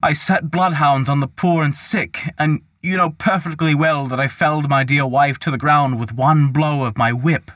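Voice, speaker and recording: A man's voice: on the high side, steady tone, normal speed, few pauses, fairly bright tone, no room sound, studio quality, voice pushed up, natural voice. A man voicing a young male charcoal burner, speaking earnestly. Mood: remorseful.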